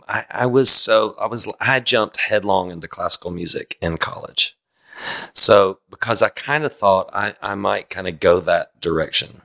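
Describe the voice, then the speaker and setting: A man in his fifties with a bright, forceful tone that sits a little low. He tells long, rambling stories with quick asides, chatting casually as a podcast guest. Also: creaky. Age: 50s. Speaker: podcast guest, worship singer. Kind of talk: casual conversation.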